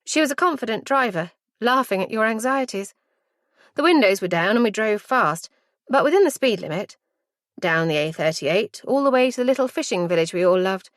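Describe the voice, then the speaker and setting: A woman narrating a first-person audiobook in a measured, intimate and reflective way. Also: on the high side, animated, dry recording, studio quality.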